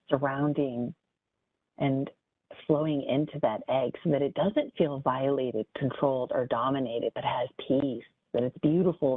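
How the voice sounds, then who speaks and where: A woman hypnotist guiding a client through a session in a slow, soothing way. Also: extremely low pitch, breathy edge, no echo. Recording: dry phone-like call line.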